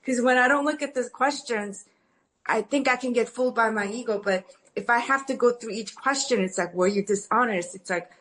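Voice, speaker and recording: A woman's voice: on the high side, brisk, a bit bright. A woman asking a question at a recovery meeting over an online call. She speaks earnestly and rambles, with many restarts and "you know"s.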